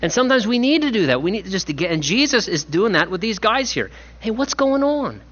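A man's voice: sits high, fast, husky. A man, a pastor, preaching a sermon and acting out the people in the story in his own voice. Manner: animated, acts out biblical voices in his own voice. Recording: lo-fi dull sound.

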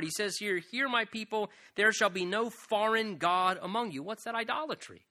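Bright-voiced male preacher teaching. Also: high voice, moderate pace. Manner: earnest, explains verse by verse, builds to emphatic appeals. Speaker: pastor. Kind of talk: expository sermon on a psalm.

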